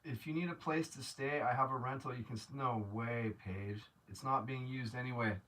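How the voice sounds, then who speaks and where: A man's voice: medium pitch, fairly even intonation, normal speed, bright, forceful tone, far from the mic. A man hosting a casual live stream, chatting to viewers, rambling with many restarts and growing openly grateful. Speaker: livestream host.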